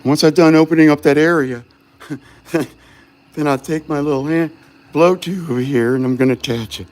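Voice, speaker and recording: A man's voice: a little high, normal speed, a little mellow. A man chatting casually and cursing as he demonstrates glassblowing live to viewers. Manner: rambling, profane, self-distracted. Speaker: glassblowing livestreamer.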